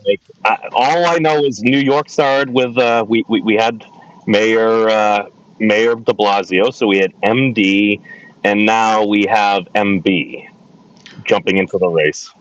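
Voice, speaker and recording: A man's voice: on the low side, dry recording, muffled recording. A man from the greater Boston area co-hosting a live political chat, hesitant and often correcting himself. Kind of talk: casual chat.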